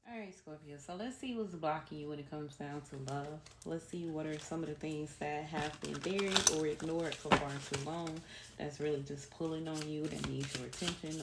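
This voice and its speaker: Low-voiced woman reading tarot, echoey. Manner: soothing, chatty, talks straight to viewers. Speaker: tarot reader. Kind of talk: casual spiritual reading. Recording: echoey room with noise.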